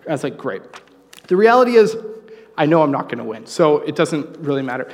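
A man preaching a sermon, conversational and joking, with animated asides. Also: on the high side, a little fast, in a large hall. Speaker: pastor. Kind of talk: sermon with humorous story.

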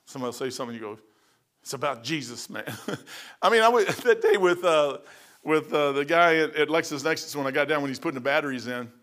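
Folksy preacher guy in church, high bright voice, goes loud then hushed, says man a lot. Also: fast. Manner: animated storytelling, swings from loud to hushed. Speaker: pastor. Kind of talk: sermon.

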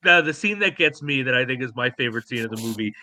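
A man's voice: mid-range voice, animated, fast talker, pushed and bright, a little hiss or hum. A man co-hosting a podcast in casual chat, eagerly retelling favorite movie scenes. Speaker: podcast co-host.

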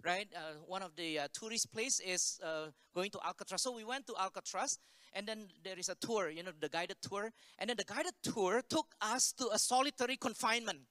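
A man's voice: high-pitched, fairly quick, bright, forceful tone, clean tone, dry recording. A man preaching an unscripted sermon as a story, in a conversational way that keeps asking the congregation questions. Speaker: pastor.

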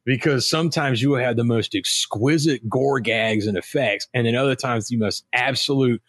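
A man with a Southern American accent, co-hosting a podcast in casual, animated chat, laughing and breaking off mid-sentence. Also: medium pitch, moderate pace, no echo, clean studio sound. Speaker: podcast co-host.

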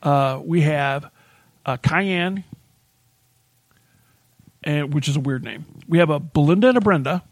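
A man with a somewhat high voice co-hosts a podcast in a loose, rambling chat. His anecdotes spill out casually. The sound is close and dry. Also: unhurried, long pauses, dry recording. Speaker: podcast co-host.

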